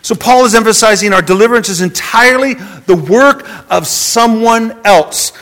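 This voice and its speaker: A man preaching a sermon, dropping from loud emphasis to a hushed near-whisper and often repeating words as he goes. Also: sits high. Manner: repeats words as he searches for phrasing.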